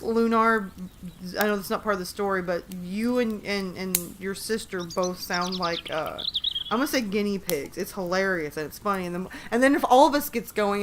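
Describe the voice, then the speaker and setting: A woman's voice: mid-range voice, noisy background. Chatty, giggly woman hosting a livestream. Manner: chatty, giggly, talks to chat. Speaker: livestream host. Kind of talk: casual livestream chat, reading horror stories.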